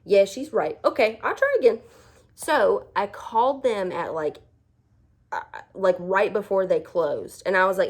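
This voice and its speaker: A woman's voice: medium pitch, sing-song, normal speed. A young woman with a lilt tells a personal story in a loose, chatty vlog manner. She pokes fun at herself as she goes and acts out what the other people said. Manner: chatty, self-deprecating, acts out quoted voices. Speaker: vlogger. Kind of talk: casual storytelling.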